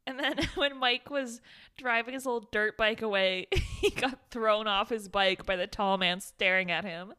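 A woman's voice: medium pitch, normal speed, pushed and bright, clear, resonant tone. A young woman co-hosting a podcast, chatting casually about a film, giggly, exasperated and mocking. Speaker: podcast co-host. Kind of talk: casual chat recapping a film.

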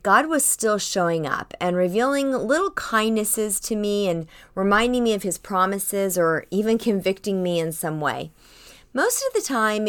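An older woman hosts a weekly devotional talk. She tells a family story in a gentle, reflective way and speaks at a middle pitch. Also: clean tone. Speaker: devotional host.

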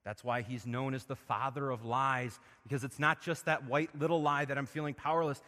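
A man preaching a sermon, asking his listeners questions and swinging between loud emphasis and quiet, low passages. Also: flat delivery, a little fast, big-room sound. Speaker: pastor.

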